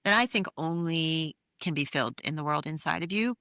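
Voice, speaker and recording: A woman's voice: deep voice, brisk, bright, forceful tone, clean tone, dry recording, studio quality. A middle-aged woman, an interview guest, telling a personal story in an earnest, candid way with many fillers. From New England. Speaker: interview guest, therapist and author.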